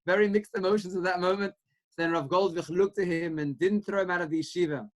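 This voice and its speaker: A man's voice: sits high, fast talker, low-quality recording. A man, a rabbi, giving an earnest Torah class, telling a story and urging listeners, mixing in Hebrew and Yiddish terms. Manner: earnest, rising to animated when quoting, mixes Hebrew and Yiddish terms.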